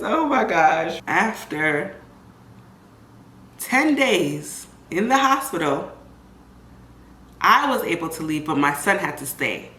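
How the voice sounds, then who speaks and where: A young woman vlogger telling her own story in a casual, animated way, often acting out other people's voices. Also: fairly low pitch, slow pace, long pauses. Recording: echoey room with faint ambient noise.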